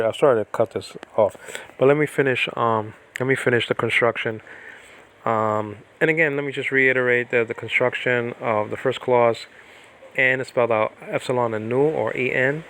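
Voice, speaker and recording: A man gives a loose, rambling livestream lesson from inside his own house, speaking at a middling pitch. He talks to viewers on a device running on battery, drifts off topic, and restarts sentences often. A faint hum of background noise sits under his voice. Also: a bit bright. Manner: digressive, chatty, many fillers and restarts. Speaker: Bible Greek teacher. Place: self-built cement-block house during a typhoon.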